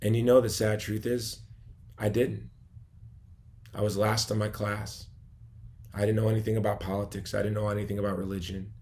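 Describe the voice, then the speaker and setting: Gravelly-voiced man telling his story. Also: fairly low pitch, little pitch movement, moderate pace, long pauses. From Chicago. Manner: earnest storytelling, drops to quiet asides. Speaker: gala speaker. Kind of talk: personal testimony speech.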